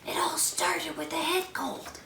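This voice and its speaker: A woman's voice: very high voice, steady tone, a little slow, gravelly, pushed and bright, roomy sound, recorded from a distance, a little hiss or hum, pitched above the performer's own voice, full character voice. A woman reading a storybook aloud and voicing a male rabbit with a very sore throat, in a strained, whispery voice. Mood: hoarse, polite.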